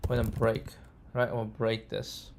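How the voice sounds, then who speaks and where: A man thinking aloud as he codes, halting and correcting himself, often checking in with "right?" and "okay?". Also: fairly low pitch, monotone, vocal fry, a little mellow, a little hiss or hum. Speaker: coding tutor. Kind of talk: thinking aloud while live coding.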